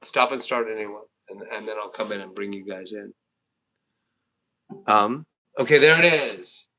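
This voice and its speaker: Male stream host, sharp bright tone, rambling jokey banter. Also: on the low side, moderate pace. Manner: rambling, joking, repeats himself. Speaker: livestream host. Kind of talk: casual group call chat.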